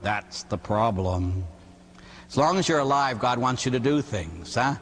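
A man from the Pittsburgh area, a Catholic priest, preaching a sermon with lively storytelling and frequent tag questions. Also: mid-range voice, unhurried. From Pittsburgh area, United States. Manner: animated storytelling, acting out quoted voices, tag questions. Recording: echoey hall with faint hum.

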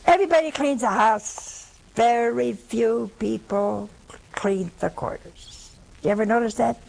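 A woman's voice: a little high, a little slow, creaky, a little mellow, poor audio. An older woman giving a sermon, telling humorous stories in a folksy way and acting out the dialogue. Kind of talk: sermon with storytelling.

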